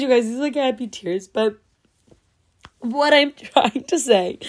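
A young woman with a slightly high, darkish voice hosts her own podcast solo. Crying happy tears, she gushes her thanks, full of fillers and restarts.

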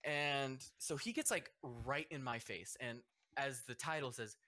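A man's voice: medium pitch, measured pace, sharp tone, no room sound, studio quality. A young man hosting a casual group chat and telling a long rambling story, laughing as he goes. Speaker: host and judge.

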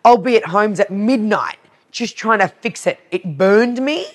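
Australian woman, podcast guest, animated storyteller who acts out the dialogue. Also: medium pitch, measured pace. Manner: animated, acts out both sides of conversations. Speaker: podcast guest, cleaning business owner. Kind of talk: casual storytelling interview.

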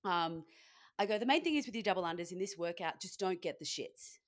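A woman's voice: on the low side, animated, brisk. A young Australian woman co-hosting a fitness podcast, telling stories in a chatty way and acting out the dialogue. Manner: chatty storyteller, laughs often, acts out quoted dialogue. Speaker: podcast co-host, fitness coach and sports journalist. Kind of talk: casual chat.

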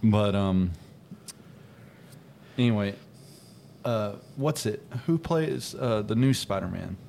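A man's voice: on the low side, lively intonation, slow pace, creaky, warm tone, slight background noise. A man co-hosting a casual podcast chat, rambling and hesitant with lots of fillers. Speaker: podcast co-host.

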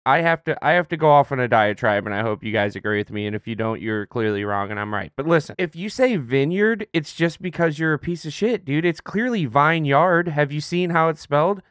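Young male co-host, smooth resonant voice, dry close sound, playful crude rants. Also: on the high side, lively intonation, a little fast, few pauses, no echo. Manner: mock-ranting, crude, playful. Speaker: podcast co-host. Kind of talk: casual podcast banter.

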